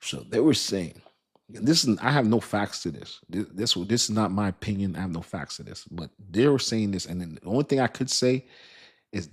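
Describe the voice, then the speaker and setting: A man's voice: on the low side, expressive, fairly quick, breathy edge. A man hosting a crypto video, talking casually in a loose, rambling, slangy way and laughing often. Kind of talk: casual talk to camera.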